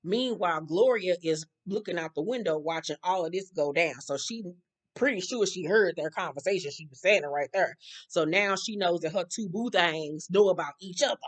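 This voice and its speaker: A woman hosting a casual TV episode recap and retelling the plot in a profane, animated way full of slang. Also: lowish voice, moderate pace. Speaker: TV recap host.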